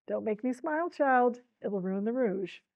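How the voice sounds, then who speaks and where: A woman's voice: a little high, animated, unhurried, no room sound. A vain, cruel queen, as a woman reading aloud puts her on, snapping and scornful in a raised, pointed voice. The sound is slightly dull and dry. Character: vain, cruel queen mother, sharp-tongued.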